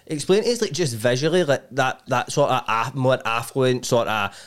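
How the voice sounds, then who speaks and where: A man's voice: mid-range voice, moderate pace. A man with a Scottish accent hosting a podcast, chatting casually, swearing and asking curious questions. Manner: swearing, frequent agreeing "aye", curious questions. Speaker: podcast host. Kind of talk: casual chat.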